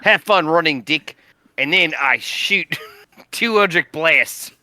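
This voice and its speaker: A man's voice: fairly high pitch, expressive, slow, pushed and bright, dry recording. A man playing a tabletop game with friends, joking and brash. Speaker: player. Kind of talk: casual tabletop play.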